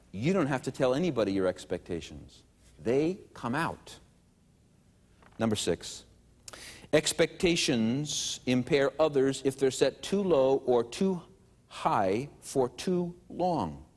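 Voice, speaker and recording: A man giving a teaching lecture, emphatic and slowing down to stress his key points. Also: medium pitch, animated, a little mellow. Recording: long hall reverb.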